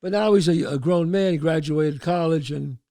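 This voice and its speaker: A man's voice: on the high side, moderate pace. An older man hosting a show, telling stories casually and acting out the voices in them. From the Bronx, New York. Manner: animated, acts out voices in his stories. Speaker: host. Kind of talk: casual storytelling.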